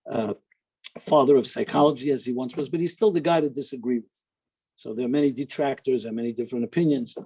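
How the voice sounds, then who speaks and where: Mellow husky-voiced rabbi telling stories. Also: male voice, mid-range voice, rough recording. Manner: chatty, digressive storyteller with humor. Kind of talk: informal talk with anecdotes.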